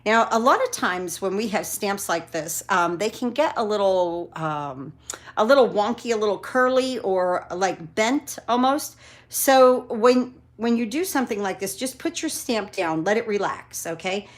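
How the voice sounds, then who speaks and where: A woman's voice: mid-range voice, expressive, a little slow. A woman demonstrating card-making in a casual craft tutorial, talking in a chatty, encouraging way with many fillers.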